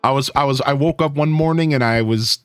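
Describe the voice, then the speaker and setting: A man's voice: mid-range voice, brisk, soft background music. A man streaming a video game, chatting casually and joking with his viewers. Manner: animated, jokey, talks to chat. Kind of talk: casual gaming chat.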